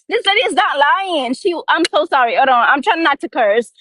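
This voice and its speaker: Very high-pitched emphatic woman. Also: a little fast, no echo. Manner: emphatic and animated, swears and repeats herself. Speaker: live-stream guest. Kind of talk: casual live-stream chat.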